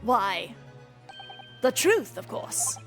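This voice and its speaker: A woman voicing a pompous, eccentric male gentleman detective in a video game, reading his lines aloud in a grandiose, theatrical way. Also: a little high, very animated, extremely slow, faint music behind, full character voice.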